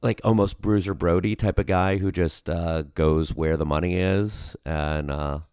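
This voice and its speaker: A man's voice: low voice, fairly even intonation, a little slow, a little mellow, smooth, no echo, clean studio sound. A man co-hosting a podcast in casual chat, rambling with lots of fillers and restarts. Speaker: podcast co-host.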